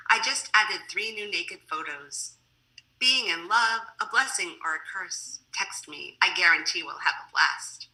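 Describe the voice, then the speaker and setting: Sharp-voiced woman poet reading aloud. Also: lowish voice, low-quality recording. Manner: measured, deliberate reading; chatty and laughing between poems. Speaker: poet reading her work. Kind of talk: poetry reading with casual asides. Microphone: video call.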